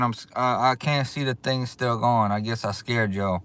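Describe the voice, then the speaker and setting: A man hosting a casual livestream, excitable and drawling as he thanks his viewers over and over. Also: medium pitch, normal speed, few pauses, clean tone, no room sound. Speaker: livestream host. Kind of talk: casual live chat. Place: outdoors.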